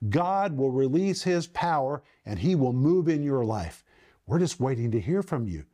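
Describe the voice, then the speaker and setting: A man hosting a televised Bible teaching, speaking emphatically and slowing down to stress key words. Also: medium pitch, big pitch swings, warm tone. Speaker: Bible teacher and program host.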